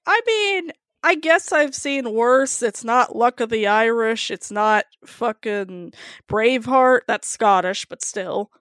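A woman's voice: on the high side, lively intonation, slow, a bit bright, dry recording, studio quality. A woman co-hosting a comedy podcast, riffing sarcastically and swearing casually. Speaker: podcast co-host. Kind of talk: casual comedic review chat.

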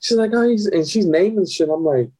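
A man casually telling a rambling, profane story, his pitch leaping up whenever he quotes someone. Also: a little fast, breathy edge, rough recording. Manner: animated, profane, jumps high in pitch for quoted voices.

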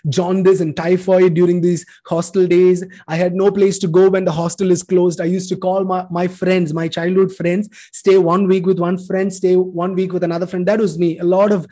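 A man's voice: sits high, level tone, moderate pace, few pauses, dark tone. A man, telling his life story in an earnest, emotional testimony sermon. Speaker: preacher giving a testimony.

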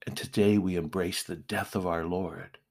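Man, pastor, sermon, deliberate, emphatic pauses, low voice. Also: steady tone, a little mellow, husky.

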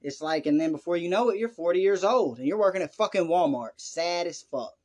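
Cocky Southern podcast co-host, slightly high voice, swears freely. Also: male voice, lively intonation, a little fast, a little mellow. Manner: brash, profane, boastful hustle talk. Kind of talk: casual podcast chat.

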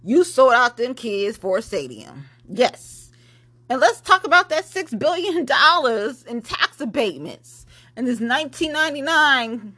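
A woman hosting her own podcast, ranting bluntly and profanely, swinging between loud outbursts and low muttering. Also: big pitch swings, measured pace. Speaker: podcast host. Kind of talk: unscripted solo podcast rant.

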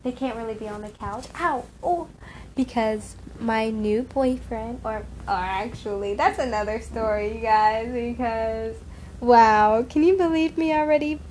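Woman vlogging to her followers, kinda high voice, rambly, keeps repeating affirmations and trailing off. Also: slight background noise. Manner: drifting, breaks off mid-sentence. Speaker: spiritual vlogger. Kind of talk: casual heartfelt monologue.

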